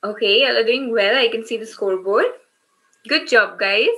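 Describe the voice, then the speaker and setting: A woman's voice: fairly high pitch, normal speed, sharp tone, poor audio. A woman teaching children in an online workshop, retelling a story and running quizzes, encouraging them and often checking in with "okay?".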